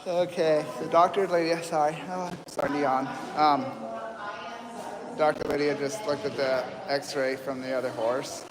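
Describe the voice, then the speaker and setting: A man hosting a live stream at a horse rescue, talking calmly and rambling with many fillers, recorded outdoors among people. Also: on the high side, normal speed, in a large hall, a crowd in the background, poor audio. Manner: calm, rambling, soft-spoken with fillers. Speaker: livestream host at horse rescue. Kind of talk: live commentary.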